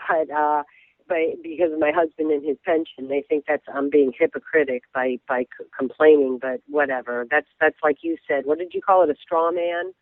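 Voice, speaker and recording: A woman from Florida calling in as a guest blogger, chatty and self-deprecating, quick to laugh. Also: deep voice, fairly even intonation, dry recording. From Florida, USA. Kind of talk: phone interview. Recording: tinny phone line, dry.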